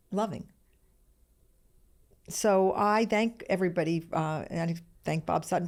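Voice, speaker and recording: Her voice is lowish and darkish: a woman in her sixties, hosting a solo podcast, who recounts a personal story with candid, emotional self-reflection and occasionally comes near to tears.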